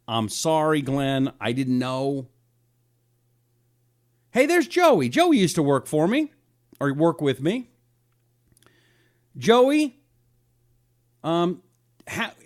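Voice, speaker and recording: A middle-aged man hosting a live talk show, rambling casually and reading out viewer comments. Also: mid-range voice.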